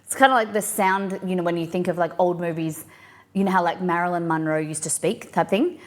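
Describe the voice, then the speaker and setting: Chatty woman with a softened Australian accent. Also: fairly low pitch, steady tone, brisk. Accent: mild Australian, mixed and softened. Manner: chatty, rambling, answers chat aloud. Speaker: cooking streamer. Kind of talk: casual live-stream chat.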